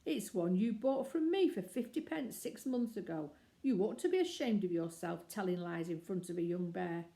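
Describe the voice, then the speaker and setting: A woman reading aloud and voicing a kindly, gentle older male shopkeeper. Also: on the low side, lively intonation, moderate pace, vocal fry, few pauses. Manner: gentle, protective.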